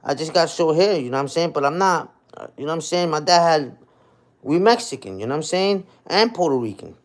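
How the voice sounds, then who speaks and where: A slightly high, expressive male voice moves fairly quickly as its owner, a man in his forties, hosts a casual phone livestream. Chatty and full of slang, he responds to commenters and caps his lines with "you heard?"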